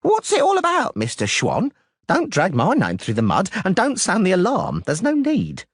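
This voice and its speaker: A man voicing a hot-tempered male halfling merchant who talks in an exasperated, shouting way. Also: sits high, huge pitch swings, normal speed, dry recording, clean studio sound, voice pushed up, heavily acted. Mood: flustered.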